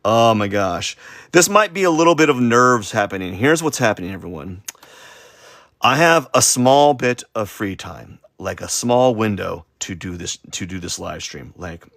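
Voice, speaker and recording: Drawing live on stream, this adult artist rambles casually, stumbles over words and makes self-deprecating jokes. He speaks in a lowish, animated voice at a moderate pace, with vocal fry and a slightly bright edge, in a dry, clean studio recording.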